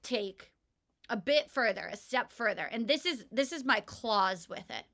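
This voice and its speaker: Young female podcast co-host, higher-pitched, giggly and opinionated in casual banter. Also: animated, a little slow, fairly bright tone. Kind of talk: casual chat.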